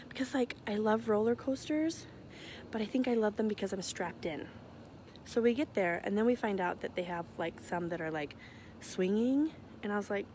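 Brief: young woman, phone live stream outdoors, chatty and giggly, mid-pitched, faint outdoor hiss behind. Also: expressive, quick pace, darkish tone. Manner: chatty, giggly, self-deprecating. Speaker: livestream host announcing charity winners. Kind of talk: casual live-stream chat. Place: outdoors near her house at night, walking around. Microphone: phone held at arm's length.

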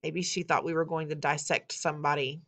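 A woman reading a novel aloud in an expressive, wry first-person storytelling manner. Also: low-pitched, fairly quick. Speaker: audiobook reader.

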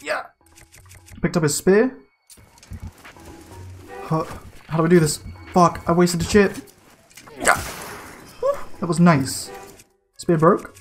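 A man giving casual gameplay commentary, excitable and slangy, swearing and yelping as he plays. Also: a little high, takes it slowly, pauses often, soft background music. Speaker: let's play gamer.

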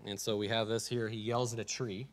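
A man's voice: lowish voice, flat delivery, brisk. A man with a Midwestern American accent, a pastor preaching a sermon in a casual, conversational way and often repeating words as he starts a phrase.

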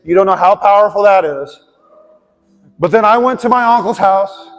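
Earnest high-voiced male pastor. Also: normal speed. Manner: earnest, heartfelt storytelling. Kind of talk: sermon with personal story and prayer. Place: church sanctuary. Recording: long hall reverb, faint music.

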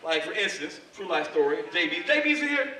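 A male stand-up comedian hosting a live club show, telling stories in an animated way. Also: high-pitched, a little fast, a little hiss or hum. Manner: animated storytelling. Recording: echoey club, distant mic.

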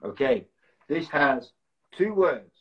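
Husky man hosting a phone live stream. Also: medium pitch, big pitch swings, takes it slowly, highs cut off. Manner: chatty, reading out viewers' guesses. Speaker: host of an Instagram live stream. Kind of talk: casual live stream, acting out film titles.

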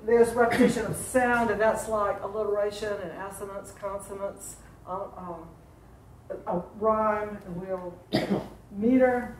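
A woman's voice: medium pitch, steady tone, unhurried, darkish tone, a little hiss or hum. A woman teaching an adult class in a church classroom, lecturing in a chatty way with fillers and asides to her students. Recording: roomy classroom recording.

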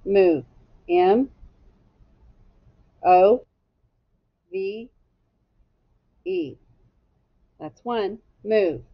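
A woman's voice: mid-range voice, very slow, pauses often, muffled recording. A woman teacher leading a phonics lesson for young children, sounding out letters one by one and giving patient step-by-step directions. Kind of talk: slow, drawn-out phonics lesson.

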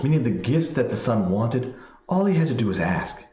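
A man, a priest, slowly reading scripture and then explaining it in plain spoken asides. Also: mid-range voice, animated, mellow. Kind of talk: Bible study commentary. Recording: echoey room sound.

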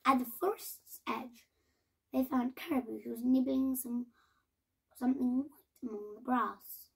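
Woman reading a kids book out loud, kinda gravelly, takes her time, trips on a word now and then. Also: high voice. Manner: slow, gentle read-aloud with small restarts. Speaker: storybook reader. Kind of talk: reading a picture book aloud.

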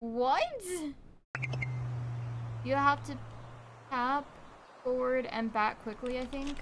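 A woman's voice: high-pitched, fairly even intonation, slow, pauses often. Bubbly young woman streaming a game. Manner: bubbly, chatty, talks to viewers while playing, frequent gasps and laughs. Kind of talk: casual live game stream chat. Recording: noisy stream audio.

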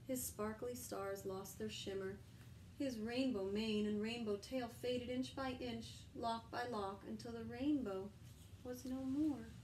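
A woman teacher reading a picture book aloud to young children, gently pausing to ask them questions. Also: fairly high pitch, steady tone, slight background noise, poor audio. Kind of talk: storybook read-aloud for children.

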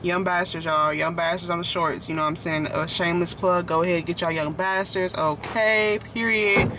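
A man's voice: high-pitched, fairly even intonation, normal speed, noisy background. A man vlogging from inside a parked car, rambling and apologizing as he chats. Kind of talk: casual chat.

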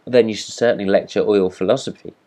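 A man's voice: lowish voice, fairly even intonation, quick pace, warm tone, lightly acted. A man doing a dry, dismissive dragonfly. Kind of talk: storybook reading.

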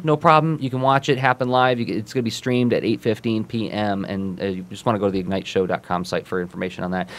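A man hosting a casual comics podcast, talking quickly and eagerly with frequent restarts. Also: fairly low pitch, fairly even intonation. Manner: enthusiastic, talks fast with many restarts. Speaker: podcast host. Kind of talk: casual chat.

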